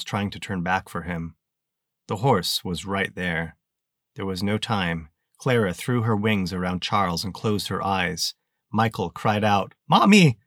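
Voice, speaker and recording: A man with a low voice narrates an audiobook in a steady, measured way. He is recorded close on the mic, and the sound is dry and free of any room echo.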